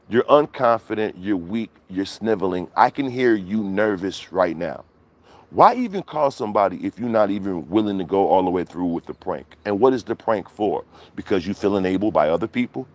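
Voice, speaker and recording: A man's voice: sits low, lively intonation, moderate pace. Man ranting on a livestream. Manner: blunt, profane, full of rhetorical questions. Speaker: livestream host. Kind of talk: profane livestream rant.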